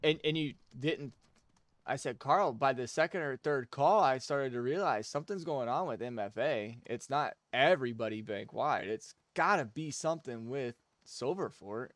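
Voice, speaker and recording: Animated and moderately paced, a young man with a medium-pitched voice vents his work frustrations with heavy profanity while chatting on his gaming stream. The recording has no room sound.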